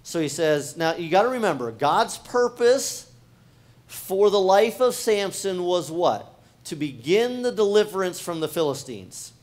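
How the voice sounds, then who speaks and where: A man's voice: high-pitched, big pitch swings, measured pace. A man, a pastor, preaching a sermon in a casual, conversational way, talking straight to the congregation and often restarting his phrases. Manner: talks directly to the congregation.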